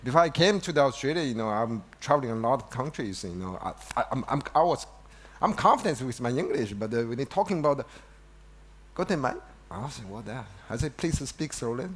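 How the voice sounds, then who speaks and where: A man giving an unscripted keynote on an event stage, halting, with many restarts and fillers like "you know". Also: medium pitch, sing-song, fairly bright tone. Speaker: company executive giving a keynote. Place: event stage before an audience.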